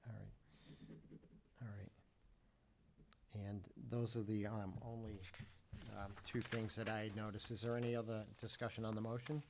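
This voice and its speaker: A man chairing a formal public meeting, speaking in a measured, halting way with frequent fillers. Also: on the low side, level tone, background noise.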